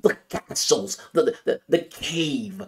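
A man excitedly ranting about a film, gushing and swearing with lots of exclamations. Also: mid-range voice, slow pace, breathy edge. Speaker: movie reviewer. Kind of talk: excited movie rant.

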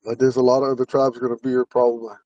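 A man's voice: mid-range voice, flat delivery, rapid-fire, mellow, no echo, distant mic, muffled recording. A man with a lisp, a Ponca language teacher, talking in a rambling, earnest way while he drives. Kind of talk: casual talk while driving. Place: inside a car on the road.

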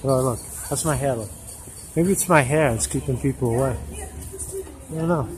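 A man with a mid-range voice speaking at normal speed runs a chatty, joking street-interview vlog outdoors on a busy street, repeating himself and holding the camera at arm's length. The rough recording is full of loud traffic noise.

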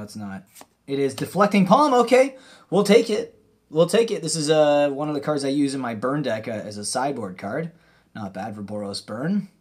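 A young man hosting a casual card-opening video, talking straight to his viewers and getting excitable over what he pulls. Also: medium pitch. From Canada. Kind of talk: casual pack-opening commentary.

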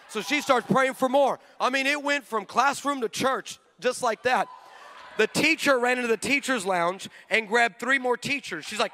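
Here a man preaching speaks very high and at a moderate tempo, spinning lively stories from the pulpit. Along the way he voices each person in the tale and bursts out in shouts.

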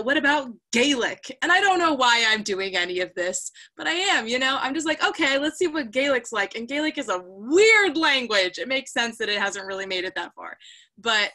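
A woman's voice: a little high, bright, forceful tone. A young woman chatting casually on a video call, rambling in an upbeat way. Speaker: cast member.

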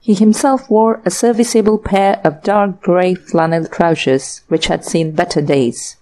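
A woman narrating an audiobook short story in a measured, unhurried way. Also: on the low side, steady tone, dark tone. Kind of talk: scripted narration.

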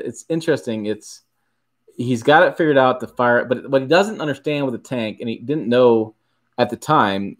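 Middle-aged michigan guy hosting a livestream, rambly, keeps correcting himself, regular mid voice. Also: medium pitch. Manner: rambling, self-correcting, chuckles often. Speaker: livestream host. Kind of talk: casual livestream chat answering viewers.

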